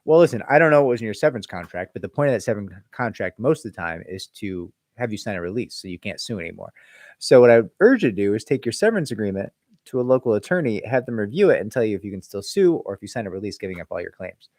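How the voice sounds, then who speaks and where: This employment attorney's voice sits fairly low and darkish, with a sing-song lilt and a fast pace. Hosting a livestream, he reads viewer questions aloud before answering in a relaxed, chatty way, leaning on "like" and "right?" often. No echo is audible.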